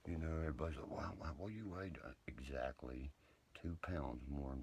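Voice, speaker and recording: A man's voice: extremely low pitch, moderate pace, background noise. A man rambling at night on a live stream, profane, boastful and heated. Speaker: livestreamer talking to viewers. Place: indoors at home, late at night.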